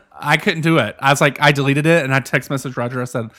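A man's voice: medium pitch, fairly even intonation, brisk, bright, forceful tone. A man co-hosting a podcast, talking bluntly and dramatically in crude casual chat. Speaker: podcast co-host.

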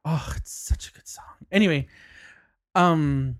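A woman's voice: low voice, measured pace. A woman co-hosting a podcast in casual chat, laughing often and swearing freely. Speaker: podcast co-host.

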